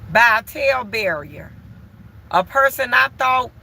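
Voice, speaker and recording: A woman's voice: a little high, expressive, slow pace, vocal fry, sharp tone, a little hiss or hum. A woman vlogger chatting bluntly and candidly to her viewers from home while doing chores. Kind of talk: casual chat to viewers.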